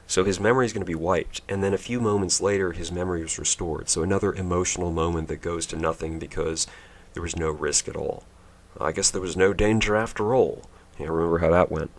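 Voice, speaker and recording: A man's voice: deep voice, steady tone, fast. A man giving a sarcastic, rambling movie review, mocking the scenes and sometimes mimicking the characters in silly voices. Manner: rambling, offhand.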